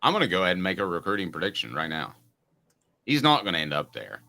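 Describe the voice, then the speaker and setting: A man's voice: sits low, wildly swooping pitch, quick pace, gravelly, pushed and bright. A man hosting a casual sports talk show, rambling and joking, often restarting his sentences. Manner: rambling, joking, self-interrupting.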